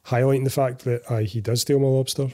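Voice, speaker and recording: A Scottish man co-hosting a casual film podcast, explaining his views in a measured, hesitant way. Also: medium pitch, flat delivery, dark tone. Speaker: podcast co-host.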